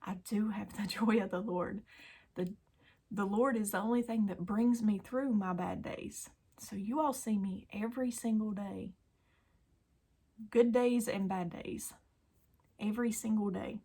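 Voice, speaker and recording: A woman hosting a daily devotional video, talking earnestly and emotionally to her viewers and often dropping to a soft whisper. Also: medium pitch, unhurried, husky. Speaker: Christian YouTube devotional host.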